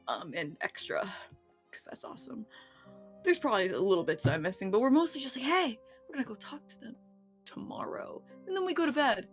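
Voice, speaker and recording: A woman's voice: on the low side, fairly bright tone. A woman recapping a tabletop game session in a rambling, giggly way, swearing freely and restarting her sentences. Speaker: player recapping the last session.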